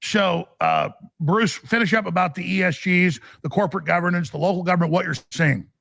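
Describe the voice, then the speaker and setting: Gravelly, rambling talk-radio man. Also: sits high, fairly quick, a bit bright, no echo, studio quality. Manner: rambling, restarts, urgent. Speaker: radio talk show host. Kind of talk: animated talk-radio storytelling.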